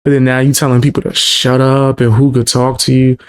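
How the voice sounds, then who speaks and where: A man's voice: medium pitch, completely flat delivery, a little fast, smooth. A man streaming his reactions to a clip, talking bluntly and mockingly with lots of swearing. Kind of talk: casual reaction commentary.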